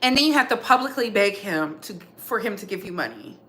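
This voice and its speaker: A woman's voice: medium pitch, animated, brisk, fairly bright tone, reverberant. A woman hosting casual celebrity gossip commentary, sassy and emphatic, repeating lines for effect. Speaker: commentary channel host.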